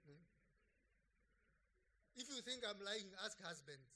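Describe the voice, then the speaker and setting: Bright-voiced joking male pastor. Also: high-pitched, slow, slight background noise, poor audio. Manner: conversational, joking, animated. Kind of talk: sermon. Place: church.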